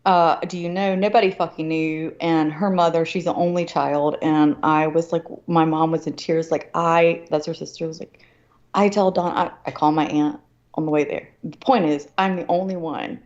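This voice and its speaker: A woman's voice: low-pitched, moderate pace. A woman telling a family story in a heated, profane way, acting out the other people's words as she goes. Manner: heated, profane, animated retelling with acted quotes. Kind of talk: casual storytelling. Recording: slightly dull lo-fi audio.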